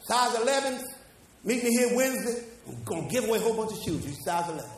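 A pastor preaching a sermon, building to shouts and calling the congregation to read along. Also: male voice, high-pitched, fast talker. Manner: preaching with rising shouts and call-and-response. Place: church. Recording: echoey church hall from far off.

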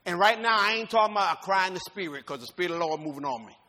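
A male pastor delivers a folksy, informal sermon, his voice swinging between loud, rising shouts and low, quiet talk. His delivery is animated and racing.

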